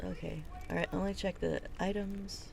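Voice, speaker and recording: A woman giving casual commentary on a video game she is playing, chatty and thinking out loud. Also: lowish voice, fairly even intonation, moderate pace, vocal fry, noisy background. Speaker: game streamer. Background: faint game music.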